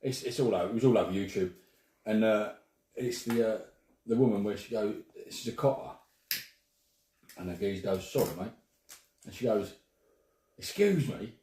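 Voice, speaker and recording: A man's voice: on the low side, moderate pace, pauses often, warm tone, slight background noise. An older man, co-hosting a casual podcast chat, laid-back and swearing. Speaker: podcast co-host. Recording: echoey room.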